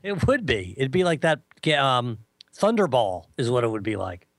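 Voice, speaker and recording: A man chatting casually as a co-host, telling a lively story and mimicking others in a high voice. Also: normal speed, dry recording. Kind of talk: casual chat.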